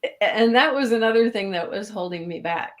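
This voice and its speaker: A woman's voice: mid-range voice, brisk. A woman with a Minnesota accent, a guest in a casual live-stream interview, chatty and laughing often. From Minnesota, USA. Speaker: interview guest, course alumna.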